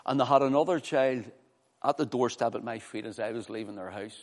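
A man preaching a sermon, animated, often repeating words as he restarts and acting out the voices of people he quotes. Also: medium pitch, fairly quick. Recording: reverberant hall.

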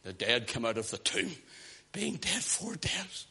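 A man from the British Isles preaching a fiery sermon in a church, swinging from hushed talk to shouted praise. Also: mid-range voice, very animated, measured pace, creaky, slightly rough.

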